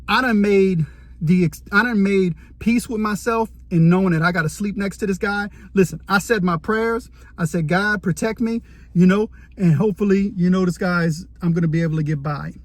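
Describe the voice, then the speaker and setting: A man telling a story about his time in prison, animated and dramatic, acting out what he saw. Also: high-pitched, moderate pace, no echo. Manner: animated, vivid, dramatic retelling. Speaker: storyteller, former inmate. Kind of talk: casual storytelling to camera.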